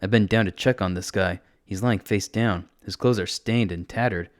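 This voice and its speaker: Steady male narrator, first person, close mic and bone dry, no room at all. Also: on the low side, moderate pace, no echo. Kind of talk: first-person audiobook fiction reading.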